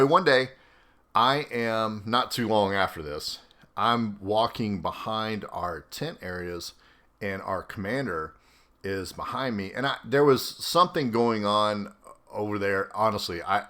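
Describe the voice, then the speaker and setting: A middle-aged man, an army veteran hosting his own podcast, telling a story in a casual, animated way and laughing often. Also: lowish voice. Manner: animated, acts out quoted voices, laughs often.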